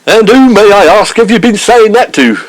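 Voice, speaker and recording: A man's voice: sits high, lively intonation, normal speed, low-quality recording. A man voicing a pompous, gloomy male comedian who complains in mock-grand, melodramatic tones.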